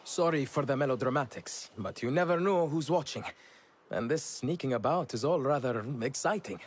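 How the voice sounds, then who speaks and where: An actor playing a secretive, conspiratorial informant in a video game. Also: male voice, mid-range voice, animated, moderate pace, breathy edge. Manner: conspiratorial, hushed at times. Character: secretive, excitable male informant. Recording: game audio with faint ambience.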